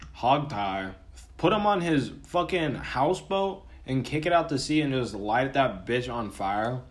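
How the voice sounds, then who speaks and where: A man talking casually in a rambling, profane monologue, full of fillers and restarts, his throat sore and dry from a cold. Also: medium pitch. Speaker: podcast host.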